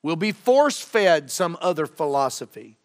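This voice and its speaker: A middle-aged man preaching a sermon as a guest preacher, fervent, swinging from loud emphasis to low, earnest tones. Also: very animated, unhurried. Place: church sanctuary. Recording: long church reverb.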